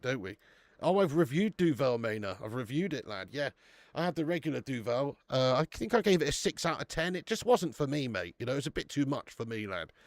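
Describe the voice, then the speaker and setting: A man with a British English accent hosts a live beer review stream from a warm room at home. He chats casually, banters with viewers and swears freely. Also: on the high side, no room sound, studio quality.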